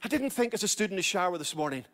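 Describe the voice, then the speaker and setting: A man's voice: sits high, expressive, racing, a bit bright. A middle-aged male pastor preaching a sermon, urging his listeners and repeating key phrases.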